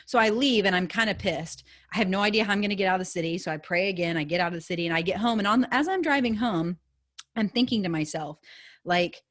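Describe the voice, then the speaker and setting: A woman in her thirties who hosts a podcast tells a story casually and with animation, swearing freely and acting out the dialogue. Her voice is fairly low and runs a little fast.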